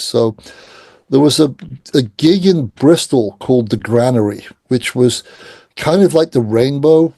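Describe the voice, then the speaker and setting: Middle-aged male guest, animated raconteur, dark mellow tone, dry sound. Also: mid-range voice, moderate pace, dry recording. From England. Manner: animated anecdotes, acts out quoted voices. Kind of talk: casual storytelling interview.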